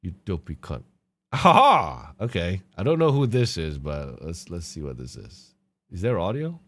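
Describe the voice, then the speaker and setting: Low-voiced, animated podcast host man. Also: normal speed. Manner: profane, animated ranting. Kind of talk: casual podcast rant.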